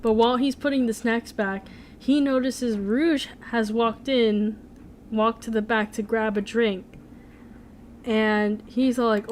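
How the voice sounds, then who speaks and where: A woman's voice: fairly high pitch, fairly even intonation, slow, darkish tone, a little hiss or hum. A young woman streamer chatting casually, rambling with lots of "like" and "um". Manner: rambling, full of "like" and "um". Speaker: streamer, animator. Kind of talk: casual live-stream chat.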